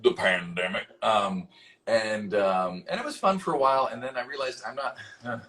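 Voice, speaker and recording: A man's voice: on the low side, moderate pace, bright, forceful tone, low-quality recording. A man who is a voice actor answering fan questions in a casual live-stream Q&A from home, rambling with lots of fillers and casual swearing.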